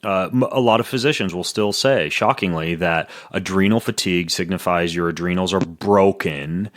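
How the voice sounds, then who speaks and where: Male podcast host, very low voice, dry close mic, playful and quick. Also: no echo. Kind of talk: casual podcast chat with ad reads.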